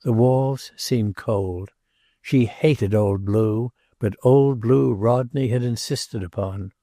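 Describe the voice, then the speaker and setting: Gravelly, mellow male audiobook narrator. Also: medium pitch, slow, no echo, studio quality. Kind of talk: scripted narration.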